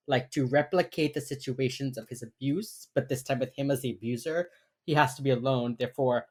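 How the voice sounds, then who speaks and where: She has a bass voice, darkish and slightly rough, and co-hosts a podcast. Recapping a TV episode, she rambles, curses casually, and laughs a lot.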